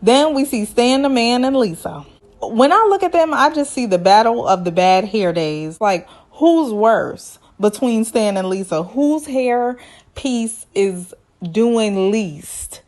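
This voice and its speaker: Sassy woman chatting away, kinda high voice, playful and teasing. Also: lively intonation, takes it slowly, a little mellow. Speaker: reality TV recap YouTuber. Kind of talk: casual chatty recap.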